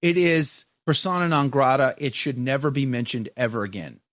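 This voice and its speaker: Animated male host, casual banter, dry close mic. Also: medium pitch, moderate pace, dry recording. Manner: animated, joking, reads viewer comments aloud. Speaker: podcast host. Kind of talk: casual chat reading live comments.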